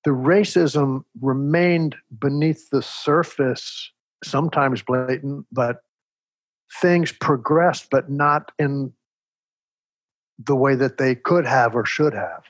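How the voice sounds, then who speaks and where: An older man from Texas, an interview guest telling stories in a measured, reflective way, with a husky voice. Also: mid-range voice, no room sound. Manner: measured, reflective, animated storyteller. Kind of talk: storytelling in conversation.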